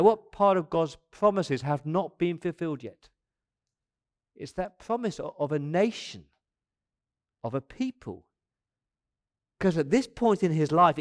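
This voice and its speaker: A pastor in his fifties, with a voice slightly higher than usual for a man, delivers a sermon. He preaches in a conversational way, tossing in quick asides and occasionally restarting.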